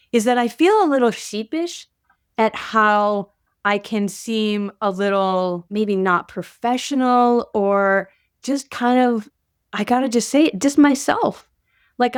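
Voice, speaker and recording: A middle-aged woman co-hosting a podcast, talking in an animated, playful, self-deprecating way. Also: on the high side, clear, resonant tone, no echo, clean studio sound. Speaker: podcast co-host. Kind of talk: casual chat.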